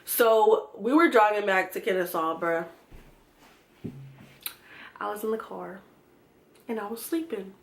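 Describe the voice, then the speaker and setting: A woman's voice: medium pitch, measured pace, creaky, long pauses. Casual young woman ranting to viewers, cussing, exasperated storytime vlog. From Georgia, US. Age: young adult. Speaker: vlogger.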